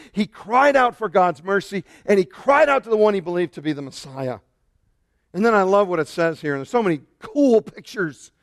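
A middle-aged man, a pastor, preaching a lively sermon and shouting out the lines he quotes. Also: sits high, dry recording, clean studio sound.

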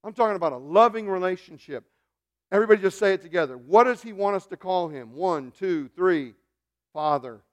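A man preaching from the pulpit with a somewhat high voice. He swings between soft, near-whispered lines and loud, fervent calls, and breaks off now and then into joking asides to the congregation. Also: lively intonation, a little fast. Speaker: pastor. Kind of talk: sermon.

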